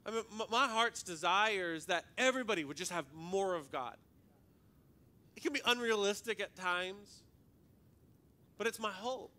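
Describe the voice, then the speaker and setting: Bright-voiced male pastor preaching. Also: sits high, moderate pace, pauses often. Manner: conversational, repeats words, jokey asides. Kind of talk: sermon.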